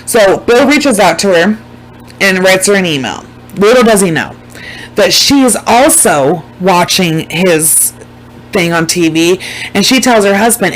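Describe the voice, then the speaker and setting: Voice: medium pitch, a little slow, fairly bright tone, low-quality recording. A vlogger in casual chat, rambling and swearing freely, repeating words for emphasis. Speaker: vlogger recapping a documentary.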